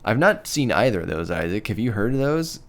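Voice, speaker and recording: Low gravelly guy cohosting a podcast, kinda hesitant, chatty. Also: big pitch swings, brisk. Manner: hesitant, apologetic about pronouncing names. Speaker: podcast co-host. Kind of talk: casual podcast chat.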